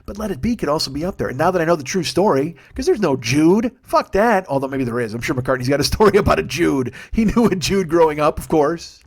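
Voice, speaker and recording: A man in his forties, a comedian hosting his own podcast, talking alone in an animated, profane monologue and acting out quotes as he goes. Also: on the high side, slightly rough. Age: 40s. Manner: animated, profane, quick asides, acts out quotes.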